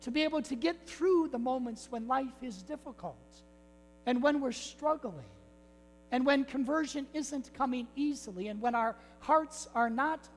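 A man, a priest, preaching a sermon with repeated rhetorical phrases and calls to "my friends". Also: very high voice. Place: church. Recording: long church reverb with faint mains hum.

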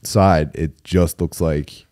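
A man co-hosting a comedy podcast, telling a story in a casual, animated way and laughing as he goes. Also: rumbling low, takes it slowly, smooth, dry recording, clean studio sound. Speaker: podcast co-host.

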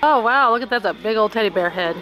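A woman's voice: on the high side, lively intonation, quick pace, music in the background. A woman vlogging with a handheld camera in a costume store, chatty and giggly, a little congested in the chest. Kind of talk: casual chat. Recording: crowded store chatter behind.

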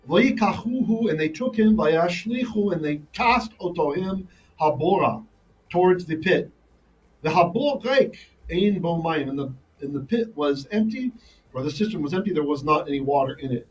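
A man's voice: on the high side, lively intonation, normal speed, distant mic, faint music behind, low-quality recording. A man teaching a live online Bible lesson, reading Hebrew verses and translating them line by line, often checking in with "right?". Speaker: Torah teacher.

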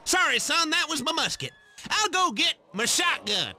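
An actor playing a loud, crude, hot-tempered hillbilly golfer in a video game, hollering in a twangy rural drawl. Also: male voice, very high-pitched, big pitch swings, moderate pace, a little hiss or hum, full character voice. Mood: rowdy. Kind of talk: video game character lines.

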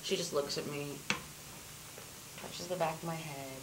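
A woman doing stand-up, telling a story in an animated, profane and self-mocking way on a theater stage. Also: sits low, unhurried. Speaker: stand-up comedian. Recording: loud background noise, live theater.

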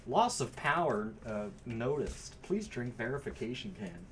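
A man putting on the voice of a bossy game console that demands soda, read as a flat mock announcement. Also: medium pitch, measured pace, noisy background. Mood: mock robotic.

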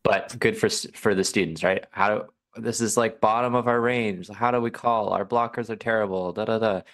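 Man, low voice, gravelly fry, relaxed, analytical, poker coach guest. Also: normal speed. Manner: relaxed, analytical, a bit tired. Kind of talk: casual poker hand analysis.

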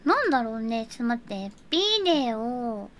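A woman's voice: fairly high pitch, animated, rapid-fire, very noisy. A young woman streaming a horror game, jumping between whispers and shrieks and dropping Japanese words into her talk. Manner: jumpy, swings from whispers to shrieks. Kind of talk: live gameplay commentary.

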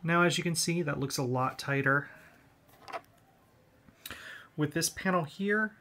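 A man's voice: mid-range voice, bright, forceful tone. A man giving a hobby tutorial on model kits, explaining each step in a laid-back way.

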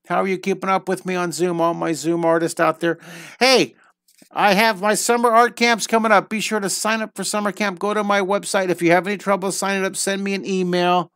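A man's voice: sits high, a bit bright, smooth, dry recording, clean studio sound. A man teaching a live online drawing lesson, chatting playfully and telling silly stories as he draws. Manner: playful, storytelling while drawing.

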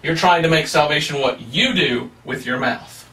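A man's voice: on the high side, normal speed, sharp tone, distant mic. A male pastor preaching a sermon, emphatic and plain-spoken, asking rhetorical questions as he teaches.

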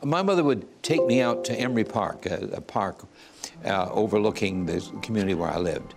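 Man, eighties, gravelly, earnest testimony, music underneath. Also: fairly low pitch, a little fast. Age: 80s. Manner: earnest testimony, acts out quoted voices. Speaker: guest. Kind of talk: telling his life story. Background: soft music.

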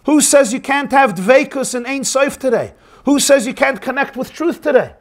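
A man's voice: very high voice, normal speed, voice pushed up. A man voicing a joyful, fervent old Hasidic rabbi who exclaims with urgency. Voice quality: urgent, exclaiming, mixes in Yiddish.

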